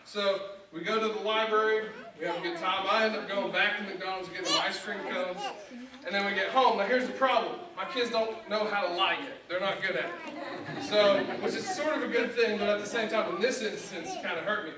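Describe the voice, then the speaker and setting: A man's voice: sits high, fairly quick, a loud crowd. A young man doing stand-up in a church, telling self-mocking family stories and acting out the dialogue. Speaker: guest comedian. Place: church sanctuary. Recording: echoey church hall from far off.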